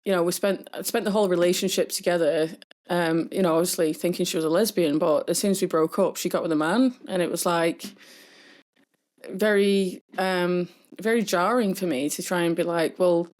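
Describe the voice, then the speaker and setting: Chatty woman, lowish voice. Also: fairly even intonation, moderate pace, a little mellow. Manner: chatty storyteller with many fillers, mimics people in a high voice. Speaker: podcast co-host. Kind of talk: casual podcast chat.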